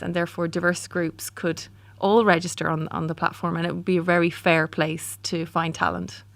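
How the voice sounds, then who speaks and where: An Irish woman in her forties, a company founder, answers interview questions in a brisk, candid way. Her voice sits somewhat low for a woman, and she often restarts her sentences and fills gaps with ums. The recording is dry and close, with no room echo. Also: fairly bright tone. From Ireland. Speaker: startup founder and CEO.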